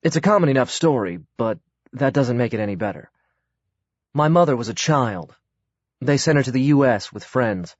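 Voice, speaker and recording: A man's voice: medium pitch, lively intonation, no room sound, natural voice. A man voicing a courteous, earnest man with a slight American accent. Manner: courteous and measured. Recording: dry, slightly dull audiobook recording.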